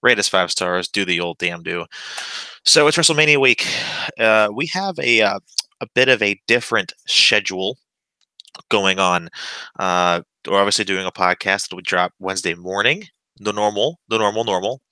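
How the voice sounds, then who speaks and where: A man's voice: on the low side, pushed and bright, smooth, no echo, low-quality recording. A man hosting a casual wrestling podcast, joking with his co-host and plugging the show. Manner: jokey, quick plugs and banter.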